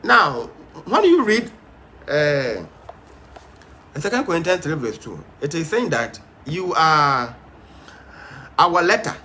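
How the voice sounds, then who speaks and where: A man's voice: a little high, sing-song, slow, pauses often, sharp tone, slight background noise. A man teaching a Bible study in an emphatic, stern, repetitive way, with frequent fillers.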